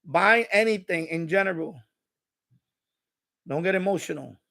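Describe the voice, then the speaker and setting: A man's voice: high-pitched, a little slow, creaky, bright, forceful tone. A man hosting a live stream, chatting casually and rambling, with many restarts and repeated phrases.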